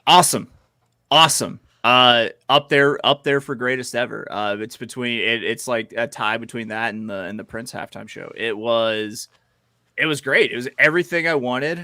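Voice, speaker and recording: A man co-hosting a podcast in casual chat, animated and emphatic, often stopping to restart with "uh" and "um". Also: medium pitch, moderate pace, dry recording, clean studio sound. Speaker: podcast co-host.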